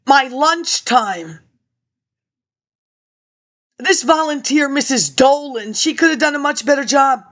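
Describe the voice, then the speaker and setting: High-voiced rambling woman vlogger. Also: expressive, takes it slowly, pauses often, a bit bright. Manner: rambling, jumps between tangents, addresses viewers directly. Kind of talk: rambling personal monologue.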